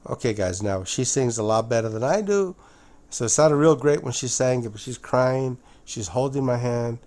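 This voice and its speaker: A man speaking in a casual monologue to his viewers, halting and often restarting or repeating words, calling his listeners "guys". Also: mid-range voice, lively intonation, darkish tone. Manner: addresses listeners directly as guys. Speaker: video presenter.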